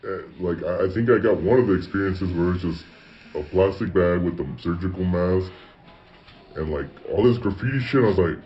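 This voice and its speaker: Deep-voiced laid-back host man. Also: moderate pace. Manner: laid-back, filler-heavy, swears. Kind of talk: casual chat. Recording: dull lo-fi audio.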